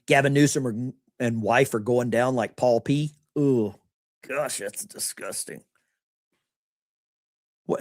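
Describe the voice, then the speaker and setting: Mocking live-stream host, lively pitch. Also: male voice, no echo, studio quality. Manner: mocking, talks to the chat. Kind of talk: casual live-stream commentary.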